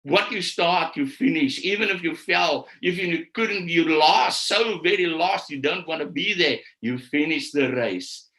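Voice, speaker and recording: A man giving a motivational talk to teachers, repeating his key phrases and slowing down to stress them. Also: on the high side, bright, forceful tone. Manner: preachy, repeats key phrases, slows down for emphasis. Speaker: conference speaker. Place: live stream session.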